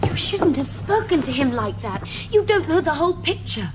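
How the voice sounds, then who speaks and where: An earnest young companion. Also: female voice, high voice, big pitch swings, normal speed. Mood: reproachful. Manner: earnest, reproachful. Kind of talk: 1970s TV drama acting. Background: music.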